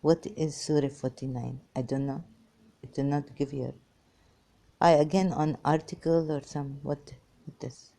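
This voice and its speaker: A woman's voice: low-pitched, fairly even intonation, measured pace, gravelly, mellow. A woman hosting a religious commentary monologue, rambling and emphatic, speaking non-native English and reading scripture passages aloud. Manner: emphatic, repetitive, swinging between muttering and exclaiming. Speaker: religious commentary channel host.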